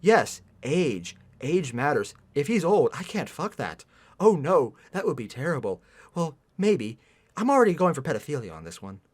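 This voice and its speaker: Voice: medium pitch, sing-song, normal speed, darkish tone, husky. A livestreamer reading a novel aloud and mocking it with sarcastic, exasperated commentary, swearing and sighing often. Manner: sighs often between passages. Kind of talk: sarcastic running commentary on a book.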